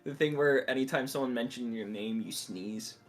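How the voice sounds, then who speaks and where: A man's voice: medium pitch, normal speed, faint music behind. A man playing a tabletop role-playing game, joking around with his friends. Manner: joking, animated. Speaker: player. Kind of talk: tabletop role-play chat.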